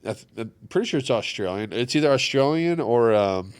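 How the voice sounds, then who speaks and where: A man's voice: mid-range voice, brisk, smooth. A man hosting a podcast, chatting casually and telling stories with jokes. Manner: joking, animated storyteller. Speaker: podcast host. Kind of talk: casual chat.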